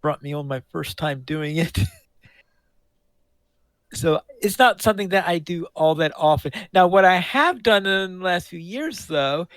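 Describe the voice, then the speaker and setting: A man's voice: high-pitched, lively intonation, measured pace, a bit bright, dry recording. A man co-hosting a game podcast in casual chat, often repeating words as he thinks aloud. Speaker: podcast co-host.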